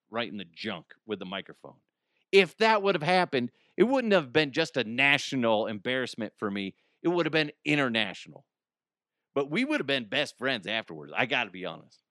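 Bright-voiced man telling funny stories. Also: mid-range voice, no echo, clean studio sound. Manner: rambling storyteller, laughs at his own jokes. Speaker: podcast host. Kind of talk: casual comedic monologue.

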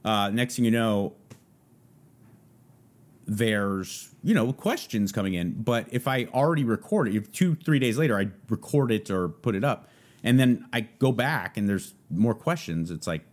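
A man's voice: on the low side, moderate pace. A man from Southern California hosting a podcast, rambling through a casual solo monologue full of fillers. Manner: rambling, loose, lots of fillers. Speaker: podcast host.

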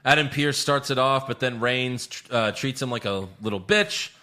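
A man's voice: mid-range voice, moderate pace, bright, forceful tone. A man co-hosting a podcast, recapping wrestling in loose, profane, sarcastic casual chat. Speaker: podcast co-host.

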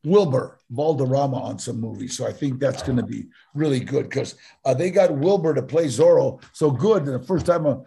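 An older man, a guest actor telling stories in casual talk, animated and halting with many fillers. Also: mid-range voice. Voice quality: gravelly, husky voice. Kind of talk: casual storytelling.

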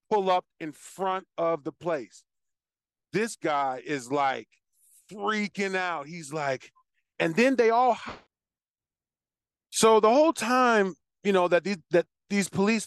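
A man casually telling a long personal story as host, with animated asides and frequent restarts. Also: on the high side, clear, resonant tone, no room sound, clean studio sound. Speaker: podcast host.

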